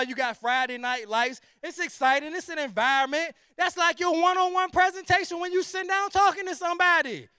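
Very high, bright-voiced man. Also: no echo, studio quality. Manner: energetic, preachy, fond of rhetorical questions and repetition. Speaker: sales team leader. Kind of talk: motivational sales presentation.

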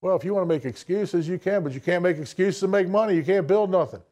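A man's voice: high-pitched, fast talker, a little mellow. A man, giving a blunt, folksy motivational talk to an audience. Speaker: business speaker addressing an audience. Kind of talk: motivational speech.

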